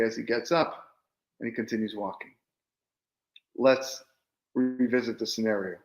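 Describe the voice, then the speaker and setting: A middle-aged man, a rabbi, lectures in a loose, conversational way, repeating himself and tossing in emphatic asides. His voice sits at an ordinary middle pitch and carries a noticeable room echo. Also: steady tone, a little slow, long pauses. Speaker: rabbi teaching a class. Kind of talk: informal lecture on marriage.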